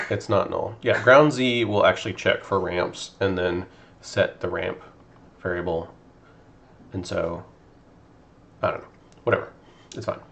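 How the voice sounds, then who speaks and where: A man's voice: low voice, vocal fry, slight background noise. A man streaming game development, talking casually and muttering to himself as he debugs code. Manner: muttering to himself while debugging, thinking aloud. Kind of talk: casual live-stream chat while coding.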